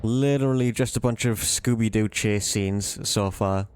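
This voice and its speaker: A man's voice: on the low side, a little slow, a little hiss or hum. A man giving casual, playful commentary while playing a horror game, jokingly talking to the monsters as if they were silly pets. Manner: playful, teasing the monsters in a silly sing-song way. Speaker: let's play gamer.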